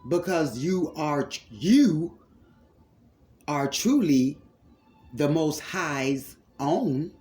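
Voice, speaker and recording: A man's voice: fairly high pitch, lively intonation, drawn-out words, long pauses, a little mellow, faint music behind. A man preaching a spiritual healing sermon with fervor, repeating phrases for emphasis and calling his listeners loved ones.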